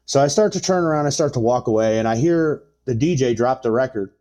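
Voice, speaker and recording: A man in his thirties telling a story in casual, profane chat, rambling with lots of fillers and getting animated. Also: mid-range voice, fast talker. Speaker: podcast guest.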